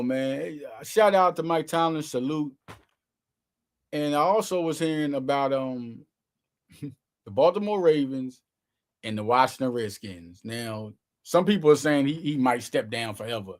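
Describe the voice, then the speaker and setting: A man's voice: on the high side, lively intonation, unhurried, a little mellow. A man hosting his own sports show, giving casual, slangy, emphatic commentary straight to his viewers.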